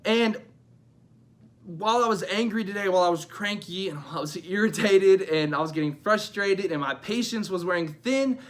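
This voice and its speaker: A young man giving an energetic youth devotional as a pastor, emphatic and repeating his phrases. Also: high voice.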